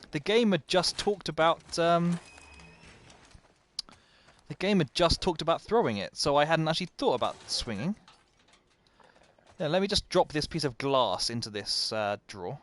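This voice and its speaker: Man, live game streamer, very lively pitch, chatty, self-deprecating. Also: unhurried, pauses often. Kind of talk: live gaming commentary.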